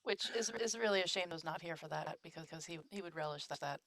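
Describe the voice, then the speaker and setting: Quick-talking woman with a Philadelphia accent. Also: lowish voice, a bit bright. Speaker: podcast co-host. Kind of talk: casual podcast chat.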